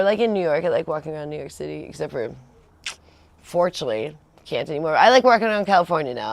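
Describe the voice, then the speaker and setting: This livestream host, a woman broadcasting from home, has a deep, creaky voice recorded with no room sound. She rambles casually, laughs frequently and mimics the voices of those she quotes.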